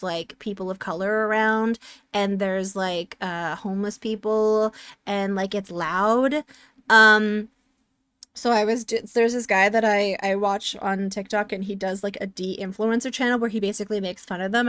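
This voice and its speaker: A woman's voice: medium pitch, fairly bright tone, clean tone, no room sound. A woman streamer chatting casually while playing a game, rambling and sarcastic as she answers chat.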